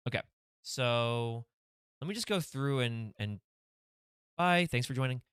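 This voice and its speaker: A man hosting a livestream, brainstorming comedy sketch ideas out loud in a hesitant way, with many pauses and fillers. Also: medium pitch, lively intonation, smooth, no room sound, studio quality.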